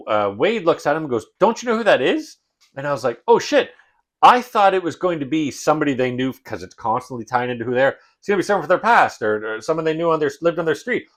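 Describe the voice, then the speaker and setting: A man co-hosting a podcast in casual chat, telling the story with lots of swearing and acted-out bits. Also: fairly high pitch. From Canada. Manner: animated, swears a lot, acts out scenes. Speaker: podcast co-host.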